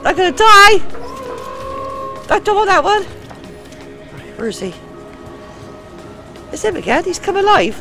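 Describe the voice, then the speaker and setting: A British woman gives excitable let's play commentary over game music, swearing and shrieking at the action. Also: extremely high pitch, unhurried, pauses often. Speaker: gamer.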